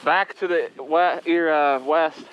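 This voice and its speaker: A man hunting outdoors in an open field, chatting casually and shouting commands to his dog. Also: on the high side, steady tone, takes it slowly, dull audio, slight background noise.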